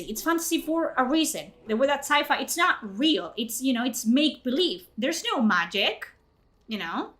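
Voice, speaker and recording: A woman's voice: fairly high pitch, bright, forceful tone. Indignant ranting woman streamer, faint music. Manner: indignant, swearing, rising to outbursts. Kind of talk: casual rant to a live chat.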